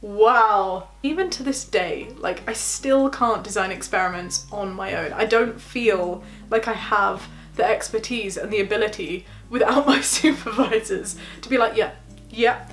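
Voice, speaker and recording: A young woman chatting casually about her PhD life, laughing often and acting out quotes in high voices. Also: measured pace, hardly any pauses, fairly bright tone. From England. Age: young adult. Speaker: PhD student vlogger. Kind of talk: casual reaction vlog.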